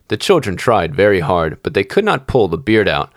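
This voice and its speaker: Low-voiced man narrating a fairy tale. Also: sing-song, normal speed, dry recording, clean studio sound. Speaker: storyteller.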